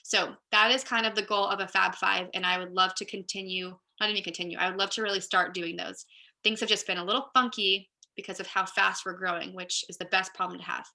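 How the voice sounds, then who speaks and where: A woman's voice: medium pitch, steady tone, a little fast, gravelly, bright, forceful tone. A woman giving a casual training talk to her team, chatty and direct, often saying "like" and "you guys". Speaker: team leader.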